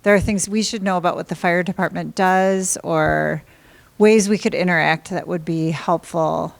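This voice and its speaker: Gravelly woman pastor asking questions. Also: on the low side, fairly even intonation, normal speed. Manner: inquisitive, thinking aloud.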